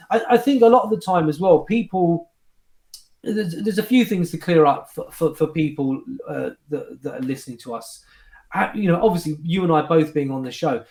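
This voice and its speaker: Man, magician guest, casual chat, animated storytelling, echoey room. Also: a little high. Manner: animated storyteller, restarts and fillers. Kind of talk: casual chat recounting anecdotes.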